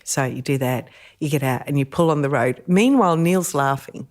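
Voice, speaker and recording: A middle-aged woman with an Australian accent, a podcast guest telling lively stories with frequent laughter. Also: low voice, moderate pace. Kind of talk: storytelling in casual chat.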